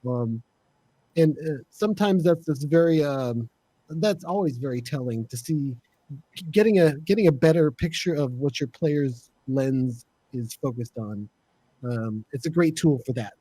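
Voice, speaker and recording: A man explains a game-mastering tip in a hesitant, methodical way, with frequent ums. His voice is slightly higher than most men's and mellow in tone, and the sound is dry and close to the mic. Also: animated, a little slow, slightly rough, no echo. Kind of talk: casual panel chat.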